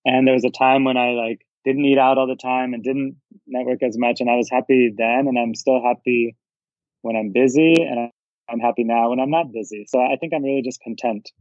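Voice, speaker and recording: A man's voice: medium pitch, steady tone, fairly quick, darkish tone, no echo. Easygoing man on a dull remote line. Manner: easygoing, laughs along. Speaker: podcast guest. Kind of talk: casual chat.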